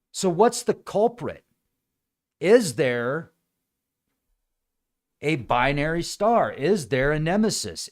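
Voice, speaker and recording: A man hosting a casual livestream, talking in an animated way and acting out other people's voices now and then. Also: medium pitch. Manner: animated, acts out quoted voices. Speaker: host.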